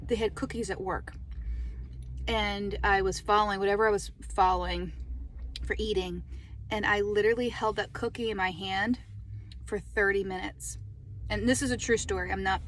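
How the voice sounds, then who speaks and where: A middle-aged woman chats casually into her phone while sitting in her parked car. She is animated and talkative, laughing easily between stories. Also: mid-range voice. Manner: chatty, animated, laughing often. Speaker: lifestyle vlogger. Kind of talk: casual talk to camera.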